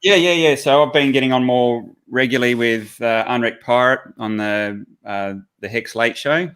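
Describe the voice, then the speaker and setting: An Australian man chatting as a guest on a live call, friendly and relaxed, with halting restarts. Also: medium pitch, clean tone. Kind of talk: casual chat.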